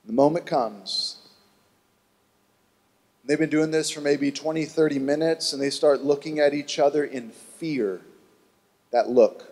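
A man preaching a sermon, telling a Bible story in an animated way and acting out the voices of its people. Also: on the high side, a little slow, long pauses, big-room sound. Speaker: pastor.

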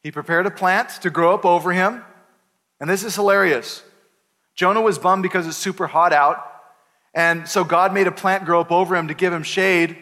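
Pastor preaching, lively storytelling, kinda high voice, long hall echo. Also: male voice, normal speed. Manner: animated storytelling with playful voices for characters. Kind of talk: sermon. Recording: hall reverb.

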